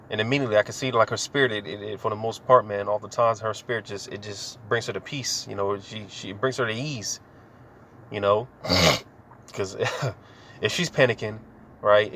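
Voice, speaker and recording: A man of middle pitch reads verses aloud and talks them over in an easygoing, slangy way, filling his speech with casual asides. A faint vehicle hum sits behind his voice, as if he is recording from inside a car. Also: fairly bright tone. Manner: laid-back, slangy, full of "man" and "you know" fillers. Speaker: scripture teacher. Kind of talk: informal scripture reading and commentary.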